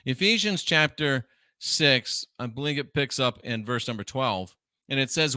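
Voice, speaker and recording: A man's voice: medium pitch, unhurried, bright, forceful tone, clean tone, dry recording, clean studio sound. A man hosting his show, lecturing on scripture in an emphatic, scornful way that repeats phrases for force. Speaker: host.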